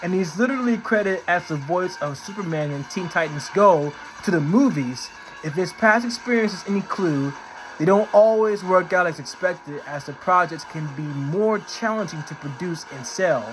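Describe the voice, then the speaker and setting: A man's voice: high voice, expressive, normal speed, slight background noise, rough recording. A man hosting a casual vlog, chatty and upbeat, reading out a news article and laughing along. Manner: upbeat, chatty, laughs at his own impressions. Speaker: channel host. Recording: clear background music.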